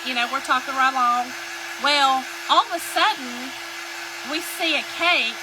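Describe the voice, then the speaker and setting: During a live stream, a woman crafts, greets viewers, and chats her way through a folksy story. Her voice sits high and her delivery is unhurried, with a hair dryer running in the background.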